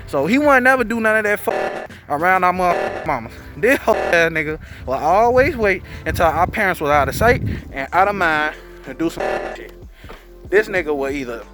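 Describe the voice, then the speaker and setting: High-voiced man telling a profane story. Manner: profane, animated, acts out quotes in character voices. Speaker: vlogger. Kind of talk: casual storytelling.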